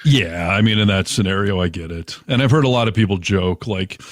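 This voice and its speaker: Quick wry man around fifty. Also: low-pitched, no echo, clean studio sound. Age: 50s. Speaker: podcast co-host, radio host. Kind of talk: casual chat.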